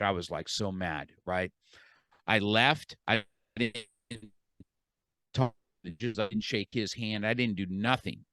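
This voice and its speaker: A man's voice: mid-range voice, measured pace, fairly bright tone, dry recording. A middle-aged man who is a podcast guest, telling a story animatedly, repeating words and quoting himself and others.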